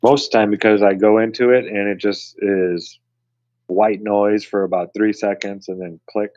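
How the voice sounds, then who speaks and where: A man co-hosting a podcast in casual chat, telling stories with animated, lively delivery. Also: normal speed, dry recording, dull audio. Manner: animated storyteller, mimics people in high voices. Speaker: podcast co-host.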